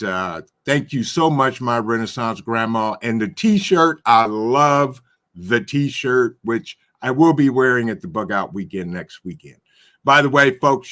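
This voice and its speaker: On a casual livestream, a man with a mid-range, somewhat bright voice goes through the chat. He reads each viewer comment aloud and names the sender, often with a chuckle.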